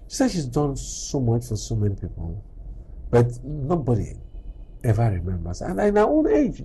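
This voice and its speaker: A man's voice: mid-range voice, normal speed, slight background noise, rough recording. A middle-aged man giving a motivational talk on character, telling stories and acting out little exchanges as he goes. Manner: animated, acts out little dialogues. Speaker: speaker on character.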